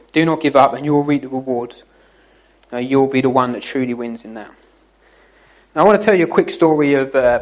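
A man's voice: mid-range voice, low-quality recording. A man giving an informal, jokey church talk to young people, teasing his listeners as he goes. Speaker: youth speaker.

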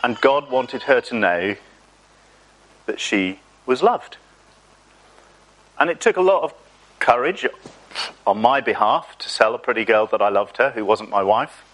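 A man preaching a sermon, telling a personal story in a chatty, self-mocking way and slowing down on key words. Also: mid-range voice, expressive, fairly bright tone, low-quality recording.

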